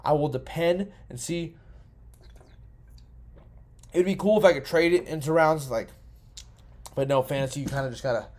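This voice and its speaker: Tipsy, profane young man, slightly high voice. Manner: profane, rambling, excitable. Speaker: podcast host. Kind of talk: casual solo commentary.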